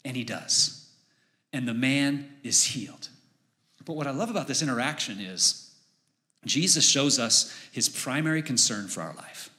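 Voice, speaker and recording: Bright-voiced preaching man. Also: medium pitch, a little slow. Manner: energetic, conversational, asks the audience questions. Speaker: pastor. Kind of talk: sermon.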